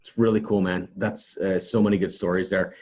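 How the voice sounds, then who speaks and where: Male podcast host, husky, relaxed and chatty; muffled lo-fi sound. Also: low voice, brisk. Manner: laid-back, laughs easily, chatty. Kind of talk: casual interview chat.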